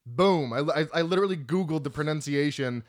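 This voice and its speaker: A man's voice: a little high, fairly quick. A man co-hosting a casual movie podcast, rambling with lots of fillers and the odd swear. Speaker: podcast co-host.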